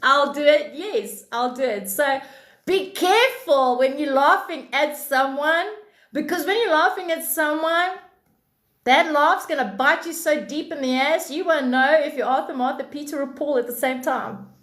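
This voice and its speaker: High, blunt woman. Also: moderate pace. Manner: animated and blunt, swearing freely. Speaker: live-stream host. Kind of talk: casual spiritual chat on a live stream. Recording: echoey room.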